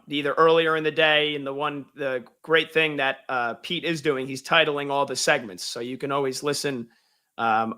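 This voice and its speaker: A man's voice: medium pitch, pushed and bright. A man delivering a scripted, pun-packed hockey recap, then chatting casually with the host. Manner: pun-heavy, theatrical delivery. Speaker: guest segment host.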